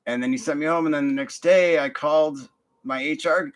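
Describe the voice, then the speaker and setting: A man's voice: on the high side, fairly quick. A young man telling a work story in a casual, profane, rambling rant full of fillers and restarts. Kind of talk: casual ranting monologue.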